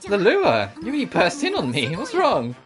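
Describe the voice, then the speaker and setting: A woman voicing a calm, composed female alchemy teacher in a game, speaking in a measured, lecturing way. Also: mid-range voice, over music, voice pushed up.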